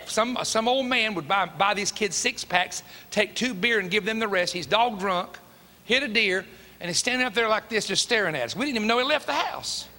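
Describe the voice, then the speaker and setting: A man's voice: high-pitched, moderate pace, bright, forceful tone. A middle-aged man with a Tennessee Southern accent preaching, telling a folksy, emphatic story and acting out the dialogue. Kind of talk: storytelling sermon. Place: church sanctuary. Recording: long hall reverb.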